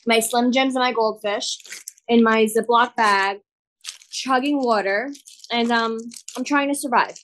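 A woman's voice: on the high side, steady tone, unhurried, a bit bright. A hungover woman co-hosting a podcast, blunt and laughing in casual chat. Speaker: podcast co-host.

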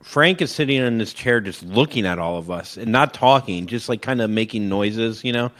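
A man co-hosting a podcast, telling a long story and acting out loud shouted quotes. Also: lowish voice, normal speed. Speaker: podcast co-host. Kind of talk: casual chat.

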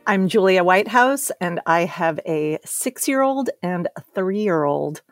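A woman telling a candid, animated story about her daughter, with self-deprecating humor. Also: fairly low pitch, measured pace, soft background music.

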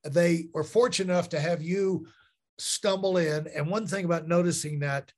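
A man's voice: on the high side, fairly even intonation, moderate pace. A man hosting a podcast interview, reflecting in a conversational way and stretching his words for emphasis. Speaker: podcast host.

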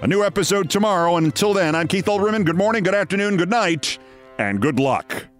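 A man's voice: high-pitched, expressive, brisk, music in the background. A man in his sixties hosting a political podcast, reading scripted commentary with a sardonic, dramatic storytelling delivery. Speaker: podcast host.

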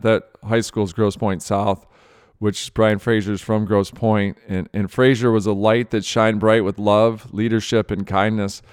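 A man's voice: on the low side, smooth, no echo, clean studio sound. A male host, a father, giving earnest spoken commentary with emotion in his voice, often repeating phrases. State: voice thick with emotion. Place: Austin, Texas.

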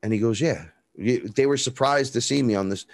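A man's voice: mid-range voice, a little fast, no echo, studio quality. A man telling rambling, profane stories in casual talk, acting out the voices of the people he quotes. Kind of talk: casual storytelling.

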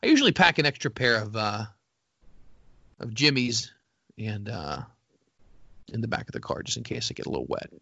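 A man in easygoing banter who rambles and pokes fun at himself, his voice bright and forward. His pitch swings a lot as he talks. The sound is dry and a little muffled. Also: big pitch swings, moderate pace, gravelly, long pauses, slightly rough, no echo. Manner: rambling, self-deprecating, laughs often. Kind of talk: casual banter.

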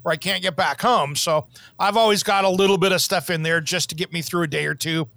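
Bright, chatty male podcast host. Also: high-pitched, brisk, gravelly. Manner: chatty, rambling storyteller who laughs easily. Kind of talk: casual chat.

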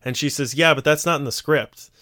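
A man's voice: fairly high pitch, a little fast. A man co-hosting a casual podcast chat, retelling scenes at length and acting out the quoted lines. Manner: animated storyteller, acts out quoted lines. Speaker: podcast co-host.

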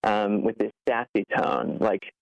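A man's voice: fairly low pitch, unhurried, creaky, dry recording. Earnest man on a muffled line. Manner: earnest, frequent "like" fillers, nervous laugh. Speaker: podcast guest, app founder. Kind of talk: conversational interview. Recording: dull, muffled lo-fi sound.

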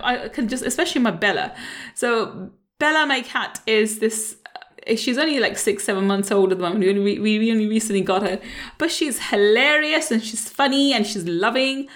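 High-voiced upbeat woman coach. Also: moderate pace, fairly bright tone. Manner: upbeat, laughs often, repeats rhetorical questions. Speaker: money coach. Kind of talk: motivational talk to camera.

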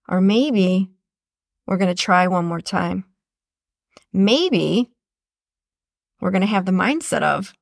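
A woman's voice: medium pitch, unhurried, gravelly, pauses often, no echo, clean studio sound. A woman hosting a motivational podcast, speaking earnestly and repeating phrases for emphasis. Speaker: podcast host. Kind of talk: motivational monologue.

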